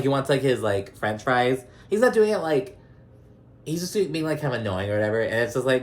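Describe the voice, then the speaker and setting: A young man recapping reality television in a loose, chatty vlog, swearing freely as he goes. His voice sits at a middling pitch for a man. He keeps breaking into brief mocking imitations of the people he is describing. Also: animated, fast. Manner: chatty and profane, slips into mocking voices of cast members.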